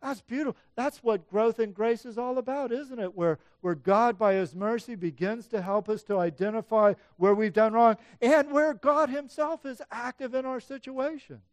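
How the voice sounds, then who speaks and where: A man's voice: very high-pitched, normal speed, hardly any pauses, no room sound. A man preaching a sermon in a conversational teaching manner, acting out the Bible passages he quotes. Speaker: pastor.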